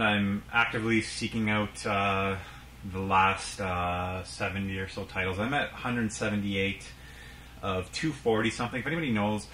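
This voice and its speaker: A man's voice: lowish voice, pushed and bright, roomy sound, slight background noise. A man in his thirties from Canada, hosting a casual vlog about his game collection and talking in a rambling way with many ums and uhs. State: out of breath. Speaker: game collector channel host.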